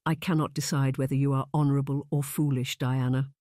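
A fretful, kindly gentlewoman urging her friend to move on, as read by an audiobook narrator. Her tone is earnest and coaxing, in a mid-range voice recorded close and dry. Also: medium pitch, level tone, a little fast, no echo, natural voice. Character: anxious, well-meaning female friend. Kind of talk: audiobook character reading.

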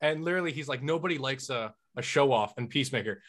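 A man's voice: mid-range voice, expressive, quick pace, a bit bright. A man co-hosting a casual comic book podcast in an easygoing way with hesitant phrasing. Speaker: podcast co-host. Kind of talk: casual chat.

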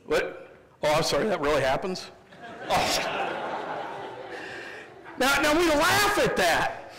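A man with a Midwestern American accent, preaching a sermon as pastor, animated and humorous with quick asides. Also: high voice. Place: church sanctuary. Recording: church sanctuary with long reverb.

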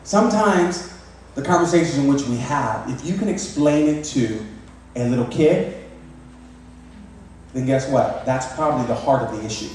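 A man in his thirties preaching a sermon as pastor, repeating words and restarting often, with lively emphasis. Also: medium pitch, normal speed, long pauses, a little hiss or hum. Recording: echoey hall, mic from far off.

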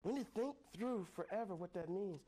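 High-voiced playful male preacher. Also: lively intonation, brisk, dark tone. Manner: playful, call-and-response, laughing often. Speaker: pastor. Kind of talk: sermon. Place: church sanctuary.

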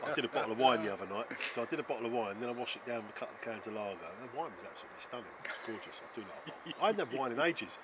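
A man's voice: mid-range voice, expressive, rapid-fire, noisy background. A man chatting casually at a forest camp, swearing and laughing as he tells stories. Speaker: channel host.

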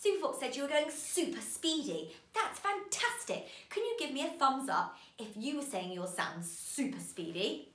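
A woman leads a children's phonics lesson with a high voice that swoops up and down. She talks slowly and draws each sound out, animated and encouraging. The room gives her voice a noticeable echo. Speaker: phonics teacher.

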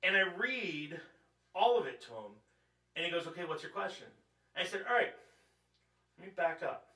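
A man with a high, bright, forceful voice and big pitch swings preaches at a moderate pace during a church Bible study, joking, chatting, and asking the audience questions. It's recorded in an echoey room from a distant mic.

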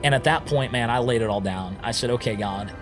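A man's voice: mid-range voice, fast talker. A man telling his story over music. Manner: animated storyteller, often acting out his own past words. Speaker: podcast guest. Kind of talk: casual storytelling interview.

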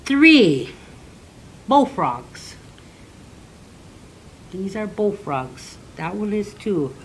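Very animated and medium-pitched, an older woman teaches children slowly and gently, counting and singing and repeating words for them to echo. The recording is rough, with a faint hiss or hum.

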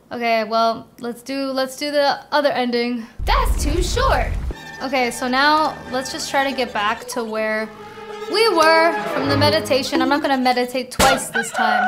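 A young woman with a very high voice, commenting on her gameplay in an unhurried, excitable way. She reads the on-screen lines aloud and chats to her viewers. Game music plays clearly behind her. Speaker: gaming video host.

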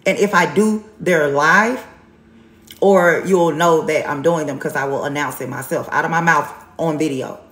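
A woman's voice: low voice, moderate pace, a bit bright, roomy sound. Blunt, sassy tarot reader woman. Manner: blunt, sassy and emphatic, with repetition. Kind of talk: live tarot reading.

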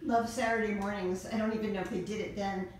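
A woman's voice: mid-range voice, fairly even intonation, quick pace. An older woman chatting casually as co-host, nostalgic and trailing off mid-thought. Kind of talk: casual reminiscing chat. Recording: echoey room, distant mic, faint noise.

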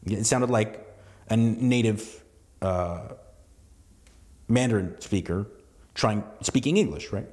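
A man's voice: lowish voice, slow, pauses often, a little mellow. Rambling, profane man with a long reverb. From southern California. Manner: rambling, profane, full of restarts and asides. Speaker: podcast host. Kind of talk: casual solo podcast monologue.

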